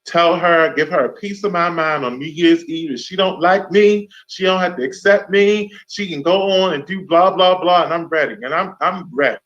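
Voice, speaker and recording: Bright-voiced man telling a story. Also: a little high, normal speed, hardly any pauses. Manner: animated storyteller who acts out voices. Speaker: radio show host. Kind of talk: casual chat. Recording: dull lo-fi sound.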